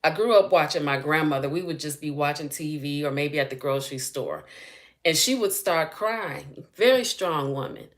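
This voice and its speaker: A woman speaking as a spiritual healing coach in a casual live-stream chat, chatty and animated and laughing often. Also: deep voice, moderate pace.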